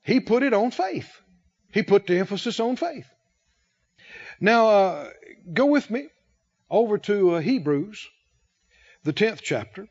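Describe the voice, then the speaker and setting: Preacher guy with a high voice going through scripture, asks the church to answer back, muffled lo-fi sound. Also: very animated, a little slow, long pauses. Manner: preaching, quoting scripture and asking the congregation to respond. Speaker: pastor. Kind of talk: sermon.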